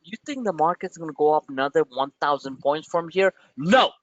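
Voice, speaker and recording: A man hosting a livestream of market commentary, rambling and joking in an animated way. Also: fairly high pitch, fairly quick, no echo, highs cut off. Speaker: trading channel host.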